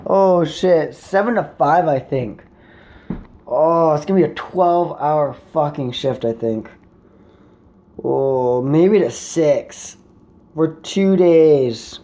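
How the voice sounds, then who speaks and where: A man's voice: a little high, slow pace, warm tone. Young man telling a rambling story. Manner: rambling, swears a lot, filler 'like'. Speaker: vlogger. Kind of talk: casual storytelling to camera.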